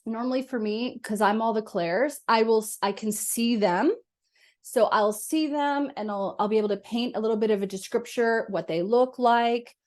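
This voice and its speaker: A woman guest, a medium, talking in a casual interview, animated and expressive as she explains. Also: on the high side, normal speed. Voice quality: animated, talks with her hands.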